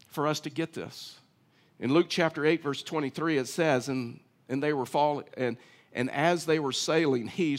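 A middle-aged man preaching a sermon in a conversational way, often repeating words and asking his listeners questions. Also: a little high. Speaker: pastor.

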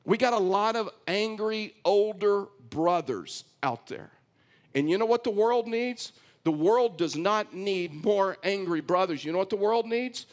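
A man pastor delivering a sermon, reading scripture and then commenting on it, emphatic and repetitive, often breaking in with "listen". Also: high-pitched. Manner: emphatic preaching, repeats phrases, often says "listen".

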